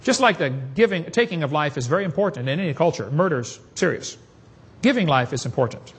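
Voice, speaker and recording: A man's voice: on the high side, lively intonation, fairly quick, breathy edge. A man giving a preaching seminar talk in a folksy, emphatic way, chuckling at his own jokes. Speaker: creationist speaker.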